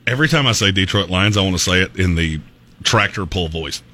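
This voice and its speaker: A man's voice: low voice, fairly quick. A man hosting a casual sports talk show, joking and laughing as he talks. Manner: jokey, animated, laughs often. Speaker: sports radio host.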